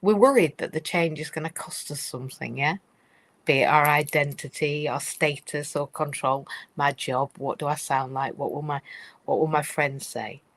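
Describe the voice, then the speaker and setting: A woman with a deep voice gives a live-streamed talk on change in organisations at a moderate pace, framing it as a story. She addresses listeners directly with fillers and asides and acts out other people's worried voices. The recording is rough, with no room sound.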